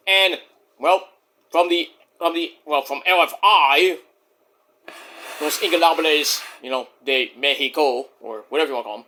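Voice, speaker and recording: A man's voice: fairly high pitch, moderate pace, bright, forceful tone. A man casually recapping wrestling shows in a rambling, joking, profane way. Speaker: wrestling show reviewer.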